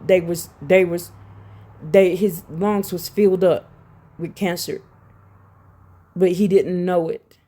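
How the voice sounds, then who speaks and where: A woman's voice: fairly low pitch, steady tone, takes it slowly, long pauses, mellow. A woman talks straight to her audience in a loose, rambling religious monologue. She circles back on her words and turns pointed and confrontational. Her delivery is emphatic throughout. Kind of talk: direct-to-camera religious monologue.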